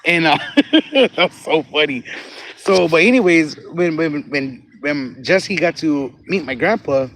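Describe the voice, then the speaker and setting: Man, slightly high voice, casual storytelling, frequent laughter, repeated phrases, emotional, outdoors, phone livestream. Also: animated, slow pace, a bit bright, a little hiss or hum. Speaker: livestream host. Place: outdoors at a cemetery.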